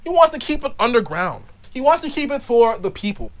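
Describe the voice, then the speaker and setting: A vlogger delivering a rambling, ironic monologue in a mock-serious tone, full of stammered restarts, swinging between loud outbursts and low mumbling. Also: big pitch swings, a little fast, rough recording.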